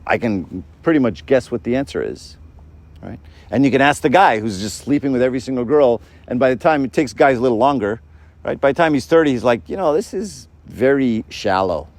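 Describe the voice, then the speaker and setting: Man, middle-aged, conversational, faith talk, asks "right?" often, average pitch. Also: brisk. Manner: conversational, keeps asking "right?"; acts out quoted voices.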